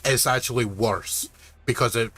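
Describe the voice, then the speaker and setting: A man's voice: mid-range voice, moderate pace, fairly bright tone. A man chatting casually on a gaming stream, rambling with restarts and casual swearing.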